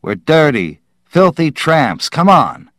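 Gruff, short-tempered astronaut, storybook audiobook, male narrator doing him. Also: fairly high pitch, big pitch swings, takes it slowly, fairly bright tone, no room sound, studio quality, pitched above the performer's own voice, heavily acted. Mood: snappish. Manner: gruff, curt.

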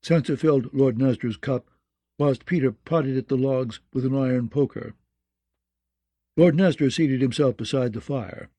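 A man narrating a fantasy audiobook in a measured, descriptive way, close to the mic. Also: mid-range voice, dark tone, no room sound.

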